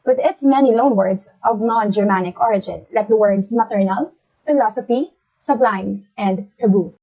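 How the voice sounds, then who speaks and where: A woman student reading a class presentation in a measured, explanatory way. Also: mid-range voice, dark tone, lo-fi sound.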